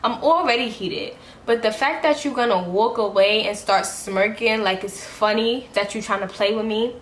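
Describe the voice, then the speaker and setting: A woman's voice: on the high side, normal speed, fairly bright tone. A young woman beauty vlogger telling a story in a heated, blunt, profane way while getting ready. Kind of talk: get-ready-with-me storytime chat. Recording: echoey room, faint background hiss.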